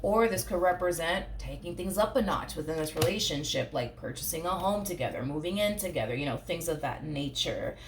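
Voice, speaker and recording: Low-voiced chatty woman reading tarot. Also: animated, fairly quick, hardly any pauses, a little hiss or hum. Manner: chatty, repetitive, reassuring, fillers like "you know what I mean". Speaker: tarot reader. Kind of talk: casual tarot reading to camera.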